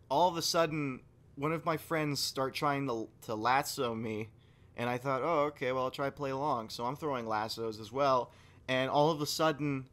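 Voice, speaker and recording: Man, podcast co-host, casual storytelling, bright forceful voice, swings from mumbling to yelling. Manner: animated, swings from low mumbling to loud yelling while telling a story.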